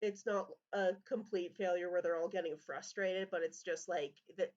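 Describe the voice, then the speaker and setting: A woman narrating as game master of a tabletop role-play, hesitant and full of pauses. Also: on the low side, steady tone, darkish tone. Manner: hesitant, many ums and restarts. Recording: slightly dull lo-fi audio.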